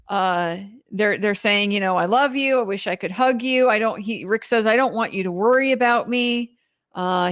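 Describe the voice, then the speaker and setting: A woman's voice: a little high, fairly bright tone. A young woman commenting on a trial in a casual recap, incredulous and emphatic, reading out quotes as she goes. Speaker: legal commentator.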